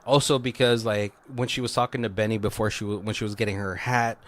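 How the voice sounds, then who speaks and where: A man co-hosting a casual podcast, rambling through a movie plot with lots of swearing, laughter and quick voiced-out character lines. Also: lowish voice, steady tone. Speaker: podcast co-host. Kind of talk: casual movie recap chat.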